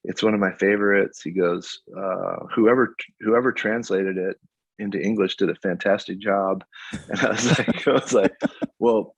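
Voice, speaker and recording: A man's voice: fairly low pitch, moderate pace, gravelly, husky, no room sound. A man in his fifties, a guest songwriter in a casual interview, telling stories with animation and frequent laughter. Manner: animated storyteller, laughs often. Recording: dull lo-fi audio.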